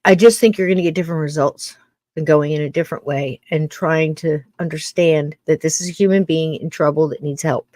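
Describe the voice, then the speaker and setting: A woman's voice: low-pitched, steady tone, a little fast, a little mellow, no room sound. An older woman hosting a podcast, musing in a casual, rambling monologue full of restarts. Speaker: podcast host.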